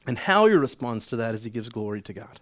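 A man preaching a sermon, an animated storyteller who acts out the scenes he describes. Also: mid-range voice, quick pace. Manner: animated storytelling, acts out the healed man's joy. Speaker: pastor.

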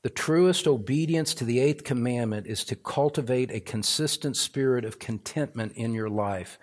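A middle-aged male pastor preaching a sermon, moving from calm teaching to fervent, emphatic passages. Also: medium pitch, moderate pace.

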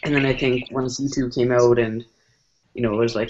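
A man's voice: mid-range voice, little pitch movement, fast, slight background noise. Guy guest rambling through his thoughts, mid voice, muffled lo-fi audio. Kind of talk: casual panel discussion. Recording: dull lo-fi sound.

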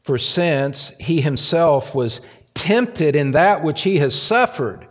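A man preaching a sermon to his congregation, repeating phrases for emphasis and rising to loud, emphatic peaks. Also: fairly high pitch, very animated, slow pace. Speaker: pastor.

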